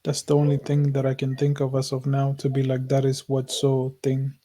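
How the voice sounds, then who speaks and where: A man's voice: mid-range voice, monotone, moderate pace, mellow. A man co-hosting a heartfelt podcast conversation, speaking earnestly and searchingly, repeating himself and swearing as he works through his thoughts. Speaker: podcast co-host.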